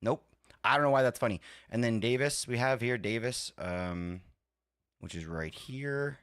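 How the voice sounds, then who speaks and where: A man's voice: mid-range voice, a little slow, fairly bright tone, smooth, no echo, clean studio sound. A man hosting a live stream, chatting casually and rambling between talking to his chat and fiddling with his setup. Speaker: livestream host.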